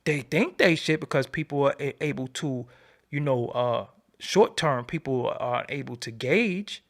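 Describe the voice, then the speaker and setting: A man hosting a livestream, ranting in a profane, animated, preaching way and repeating his phrases, swinging from low mutters to loud outbursts. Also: unhurried. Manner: swoops between low mutter and loud high bursts. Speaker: livestream host. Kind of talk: unscripted livestream rant.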